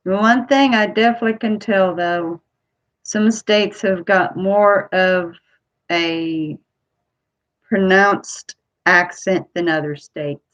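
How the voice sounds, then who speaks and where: A woman's voice: mid-range voice, slow pace, a bit bright. A woman from Ohio with a Kentucky accent, chatting to camera in a rambling way as a vlogger. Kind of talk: casual chat to camera.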